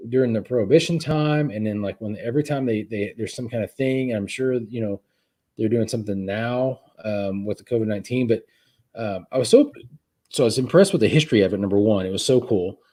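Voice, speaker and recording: A man with kids, a guest chatting casually on a live stream, talking in halting bursts with many restarts. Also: on the low side, mellow. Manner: halting, lots of restarts and fillers. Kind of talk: casual chat. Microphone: live stream setup.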